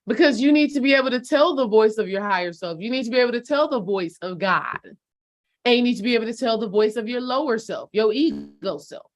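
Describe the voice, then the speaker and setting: A woman's voice: on the high side, fairly quick. A woman spiritual coach giving a casual motivational talk to her followers, direct and preachy, calling them sis and baby.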